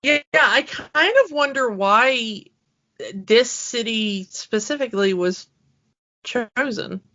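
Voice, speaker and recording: A woman co-hosting a podcast in casual chat, rambling with many fillers and quick laughs. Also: on the high side, pushed and bright, muffled recording. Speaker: podcast co-host.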